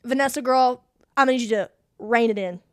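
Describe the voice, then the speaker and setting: Young female podcast host, eager, gushing fan energy, higher voice, close dry mic. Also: moderate pace, clean tone, dry recording. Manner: excitable, gushing, laughs often. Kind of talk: casual movie review reading her notes.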